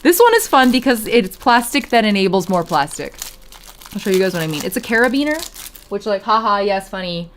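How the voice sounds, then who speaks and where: A woman's voice: medium pitch, big pitch swings, fairly quick, slight background noise. Giggly chatty woman streamer. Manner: giggly, chatty, reads chat aloud. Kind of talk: casual live-stream chat.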